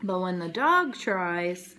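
Slow, gentle woman reading a picture book aloud. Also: lowish voice, a little hiss or hum. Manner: gentle, expressive storytelling with sound effects. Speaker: early childhood educator.

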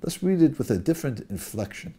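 A man who is a rabbi, giving an animated sermon-style Torah lecture and explaining points directly to his listeners. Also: medium pitch, fast talker, husky.

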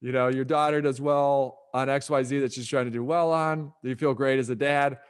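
A man's voice: mid-range voice, steady tone, smooth. A middle-aged man who talks in an upbeat, motivational way as an author guest on a podcast interview. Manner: upbeat, motivational, brisk delivery.

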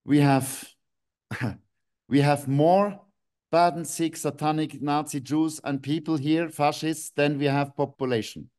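A man's voice: on the high side, steady tone, unhurried, a little mellow. Man, angry ranting, swearing, video call. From Switzerland. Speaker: guest. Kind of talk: online video call interview.

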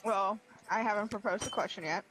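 A woman's voice: medium pitch, fairly quick, fairly bright tone, soft background music, poor audio. A woman co-hosting a let's play, chatting in a rambling way full of "like". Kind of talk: casual gaming banter.

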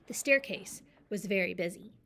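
A woman reading a children's picture book aloud with a lively, expressive delivery. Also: mid-range voice, moderate pace. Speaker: storyteller. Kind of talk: children's story read-aloud.

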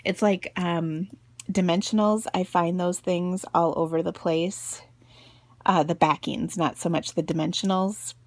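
Gravelly chatty lady doing a craft tutorial at home, giggly, pokes fun at herself. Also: fairly low pitch, steady tone, measured pace, no echo. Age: middle-aged. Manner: chatty, giggly, self-deprecating asides. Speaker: craft video host.

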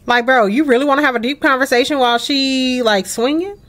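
A young woman hosting a life-sim let's play, giving casual, chatty and emphatic gameplay commentary with excited bursts. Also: high-pitched, brisk.

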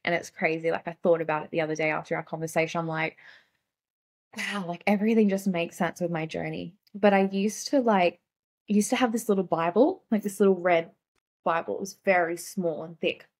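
A young adult woman, a guest in a casual conversation, speaking softly and haltingly with many fillers. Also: on the low side.

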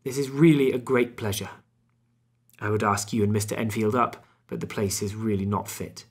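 A man voicing a gloomy, frightened Victorian doctor, speaking low and wearily in a husky voice. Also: fairly even intonation, moderate pace. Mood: dreary. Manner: low, weary and drearily quiet.

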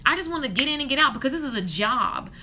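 A woman in her thirties talks straight to camera from a hotel room with a bright, forceful voice. She rants in a fired-up, passionate way, like a coach pushing her viewers. A faint hum sits under her. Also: high voice, animated, fast talker. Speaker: hair stylist and business coach. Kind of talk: casual vlog rant to camera.

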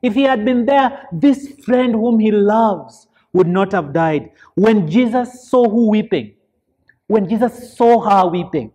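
Male deacon, church Bible study; slow, deliberate delivery, emphatic, draws answers from the congregation. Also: high voice, animated, dark tone. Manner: asks the listeners fill-in questions; earnest, emphatic preaching.

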